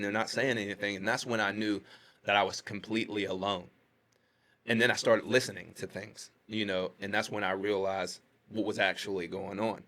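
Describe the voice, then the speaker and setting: A man from Pittsburgh, a podcast guest, telling a story in casual chat and acting out the quotes with his voice jumping up high. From Pittsburgh, USA. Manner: animated retelling, acts out quotes with rising pitch.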